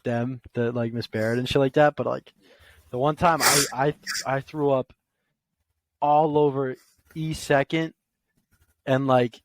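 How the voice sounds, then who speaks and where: A young man co-hosting a casual podcast chat, telling school stories with animated swearing. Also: medium pitch, measured pace, pauses often, no echo, poor audio. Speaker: podcast co-host.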